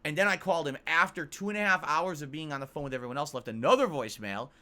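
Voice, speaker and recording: Exasperated man venting, tense bright voice. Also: fairly high pitch, lively intonation, fast talker. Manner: exasperated, incredulous retelling. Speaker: streamer. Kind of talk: venting story on a livestream.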